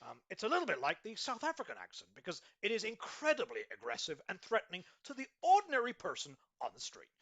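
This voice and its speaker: A man's voice: high voice, wildly swooping pitch, fast, hardly any pauses, a bit bright. A man hosting a satirical business advice show in a pompous, mock-serious guru manner, with frequent ums.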